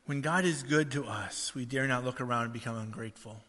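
A man preaching a sermon, telling stories and mimicking the voices in them with lively energy. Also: mid-range voice, brisk. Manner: animated storytelling, mimics voices in anecdotes. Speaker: pastor. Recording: long reverb of a hall.

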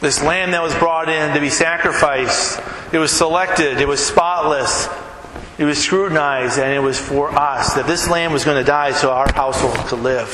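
A man preaching a sermon as a pastor, telling stories with conversational asides to the congregation. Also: a little high. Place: church sanctuary. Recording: echoey hall with long reverb, faint room noise.

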